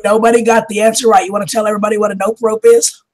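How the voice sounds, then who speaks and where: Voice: mid-range voice, little pitch movement, very fast, rough recording. A livestream host casually prompting and quizzing the guests.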